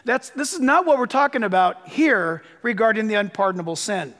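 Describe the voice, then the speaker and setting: A man delivering a sermon in a voice pitched very high for a man, swinging widely up and down. He presses his points hard, repeating lines for stress and urging listeners to take notes. A long hall reverb trails every phrase. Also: animated, fairly quick, fairly bright tone. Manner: emphatic, urges listeners to write things down. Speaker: pastor.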